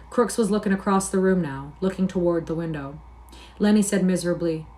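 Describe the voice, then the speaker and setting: A woman reading a classic novel aloud on a live stream in an even, measured narrating voice. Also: on the low side.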